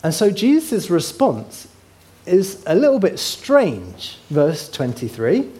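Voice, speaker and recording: A man's voice: sits high, wildly swooping pitch, slow, dark tone. Man preaching a conversational sermon. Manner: conversational, asks the congregation questions; points to a map while teaching.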